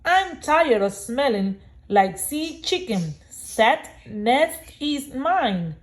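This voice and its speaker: A woman's voice: high voice, sing-song, very slow, heavily acted. A woman voicing a fussy duck in a storybook read-aloud, huffy and exclaiming.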